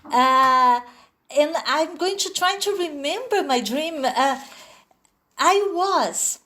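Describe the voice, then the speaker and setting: A woman's high, expressive voice comes across pushed and bright as she recounts a story on a video call. She has a Brazilian Portuguese accent and speaks slowly, hesitating often and leaning on lots of fillers.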